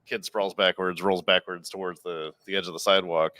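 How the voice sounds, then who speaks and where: Podcast guy telling a bar story, lowish voice, acts out the lines, dead dry room. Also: fairly quick, no echo. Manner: animated, acts out quotes with big jumps in pitch. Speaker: podcast co-host, bar worker. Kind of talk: casual storytelling.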